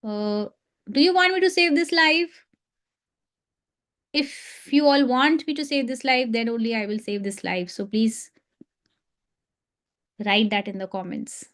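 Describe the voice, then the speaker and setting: A woman's voice: a little high, measured pace, pauses often, fairly bright tone. A woman with an Indian English accent, teaching phonics sounds in a live online lesson and drilling each sound through short repetitions. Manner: demonstrates letter sounds with short repeated drills.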